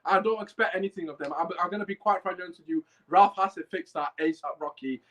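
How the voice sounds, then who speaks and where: Young man, high-pitched, heated swearing rant, live podcast host reading chat. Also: quick pace, fairly bright tone, rough recording. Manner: heated, swearing, fired-up ranting.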